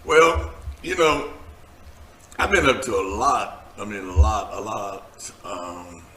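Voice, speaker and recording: On a studio set, a preacher hosts a casual talk show, bantering and laughing but growing earnest and preachy when faith comes up. His voice is fairly low and slow, and the sound is roomy with crowd noise.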